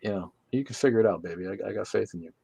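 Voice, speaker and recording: Streaming casually from his room, a man reads out viewer comments and shoots back sarcastic, profanity-laced jokes. His voice sits somewhat low, mellow and husky with vocal fry, and he talks at a racing clip. The audio is dry and close-miked, free of room echo.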